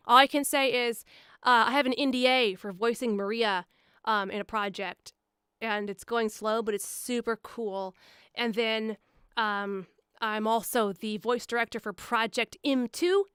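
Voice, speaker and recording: Young woman, casual live-stream chat, rambling with fillers, fairly high voice, smooth tone, dry close studio mic. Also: a bit bright, dry recording. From Milwaukee area. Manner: chatty and rambling, full of "um" and "like", acts out quoted lines in higher voices. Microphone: studio mic, a foot away.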